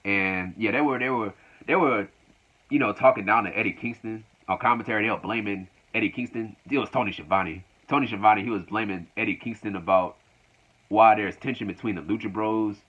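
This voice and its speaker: A man's voice: fairly low pitch, a little fast, a bit bright. A man recapping a wrestling show casually, in a loose, repetitive retelling. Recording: dull lo-fi recording.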